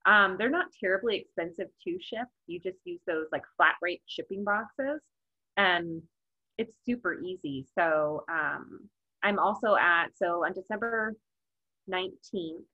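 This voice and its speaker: A woman's voice: lowish voice, measured pace, muffled recording. A woman in her thirties, a baker from Arizona, chatting casually as a podcast guest and laughing easily.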